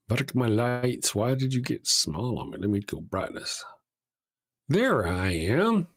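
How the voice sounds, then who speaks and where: A man's voice: mid-range voice, sing-song, moderate pace, dry recording. Rambling, casual man on a dry mic. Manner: rambling, self-interrupting, swears casually. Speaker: livestream host. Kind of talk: casual live-stream chat.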